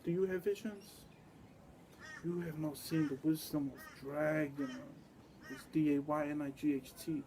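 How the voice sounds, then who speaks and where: A man's voice: fairly high pitch, steady tone, unhurried, mellow, slight background noise, low-quality recording. A man giving a rambling, repetitive monologue, sometimes spelling words out letter by letter.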